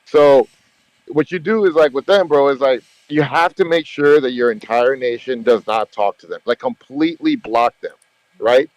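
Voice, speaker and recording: A gaming channel host with a medium-pitched voice speaks at normal speed in a casual group voice chat about a mobile strategy game. He talks emphatically and at length, repeating himself and swearing freely, and the recording is dry and low in quality.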